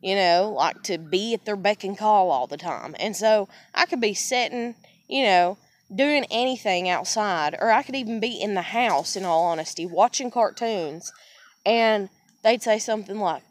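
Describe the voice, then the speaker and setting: Speaking at a normal speed in a mid-range voice, this woman talks about her own life in a relaxed monologue. Her talk is frank and full of swearing; she wanders off track, starts sentences over, and leans constantly on "you know."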